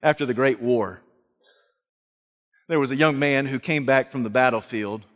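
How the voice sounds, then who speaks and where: A male preacher telling a story in a sermon, swinging from hushed, slow lines to loud shouting. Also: medium pitch, big-room sound.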